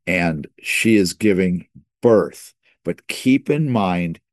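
A man teaching through a Bible passage in sermon style, often repeating words as he thinks and slowing down on key phrases. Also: sits low, darkish tone, no room sound, studio quality. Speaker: preacher.

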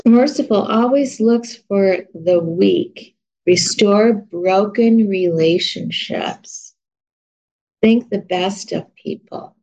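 Flipping through her notes out loud, a woman teaches a casual Bible study in a chatty, self-deprecating way. Her voice sits at medium pitch with a darkish tone, captured on a dull, lo-fi recording.

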